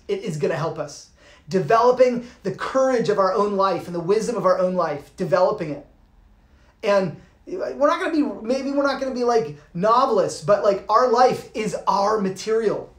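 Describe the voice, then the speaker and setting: A man, a yoga teacher, giving an informal talk and telling a lively story, swearing casually and acting out the people in it. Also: sits high. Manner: animated, swears casually, acts out voices. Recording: roomy echo.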